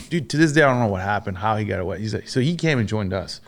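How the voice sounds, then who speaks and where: A man's voice: on the low side, expressive, fast. A man from France, a podcast guest and army veteran, telling war stories in casual conversation, cursing freely and acting out what others said. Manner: profane, acts out quoted dialogue.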